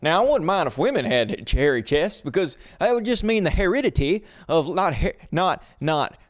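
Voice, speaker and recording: A young man declaims in an overblown, sermon-like way, treating a silly subject as a grand virtue. His voice sits a little high for a man, and he trips over words as he presses on. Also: very animated, brisk. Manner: grandiose, preachy delivery with stumbles. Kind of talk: mock-pompous comic rant.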